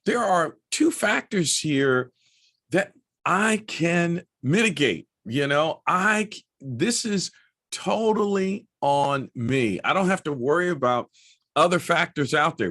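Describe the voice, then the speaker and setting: A man's voice: a little high, lively intonation, a little slow, a bit bright. A middle-aged man talking casually to camera as a motorcycle vlogger, chatty and anecdotal with many asides.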